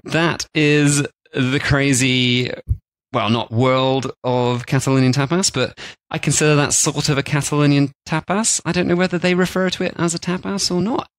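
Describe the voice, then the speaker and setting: A man's voice: on the high side, fairly even intonation, moderate pace, dry recording. A man co-hosting a food podcast, rambling and joking, with lots of "like" in casual chat. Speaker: podcast co-host.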